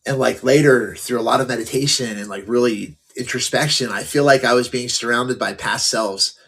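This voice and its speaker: A man's voice: medium pitch, normal speed, a bit bright. A middle-aged man telling his life story candidly as a podcast guest, casual, full of "like" and "um". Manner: casual, many fillers like "like" and "um".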